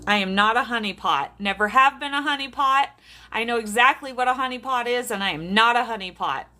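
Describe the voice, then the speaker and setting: Bright-voiced chatty woman livestreaming. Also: on the high side, a little fast. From South Dakota. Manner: chatty, laughs often, talks to viewers. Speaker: livestream host, medium. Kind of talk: casual livestream chat. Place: bedroom at home. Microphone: phone or camera on a tripod.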